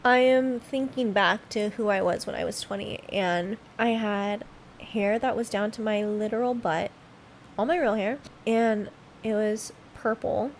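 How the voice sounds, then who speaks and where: A woman's voice: medium pitch, steady tone, unhurried, a little hiss or hum. A woman in her late twenties hosting a solo podcast, reflecting candidly and emotionally, swearing often and close to tears at times. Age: late 20s. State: tearful at times. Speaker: podcast host.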